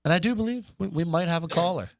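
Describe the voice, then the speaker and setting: A man's voice: high voice, quick pace, gravelly, no echo, studio quality. A man co-hosting a sports talk show, joking around in casual, playful banter.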